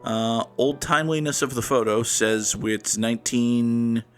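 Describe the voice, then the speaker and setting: A man's voice: mid-range voice, a little slow, fairly bright tone, smooth, faint music behind. A man hosting a gaming channel, talking through a guessing game in a sarcastic, rambling, self-mocking way. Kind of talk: casual gameplay commentary.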